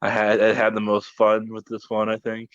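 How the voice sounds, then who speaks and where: Hesitant low-voiced male co-host, dull dry sound. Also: completely flat delivery, a bit bright, no room sound. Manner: hesitant, dry, halting with ums. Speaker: podcast co-host. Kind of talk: casual chat. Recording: slightly dull, dry recording.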